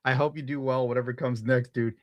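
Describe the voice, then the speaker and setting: Male streamer, profane and sarcastic, mid-pitch, close dry mic. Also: fairly even intonation, a little fast, dry recording. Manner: crude, sarcastic, laughs through his own jokes. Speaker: streamer reacting to clips. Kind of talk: casual profane rant.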